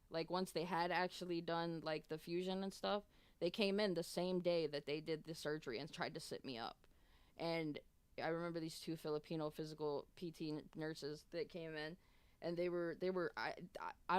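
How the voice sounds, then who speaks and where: A woman's voice: low voice, clean tone, dry recording. A young adult woman streamer telling a long personal story in casual, profane, rambling chat with many restarts.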